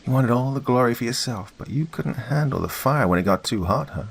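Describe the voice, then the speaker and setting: A man's voice: mid-range voice, lively intonation, a little fast, gravelly, slight background noise, voice pushed up. A man voicing a dead young girl who sneeringly blames a detective.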